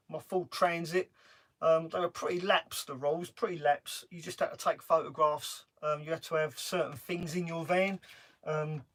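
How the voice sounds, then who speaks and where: A man's voice: on the high side, fairly bright tone. A middle-aged man chatting casually on a live stream from his camper van, rambling and laughing often. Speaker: van-life vlogger. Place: parked camper van on a driveway.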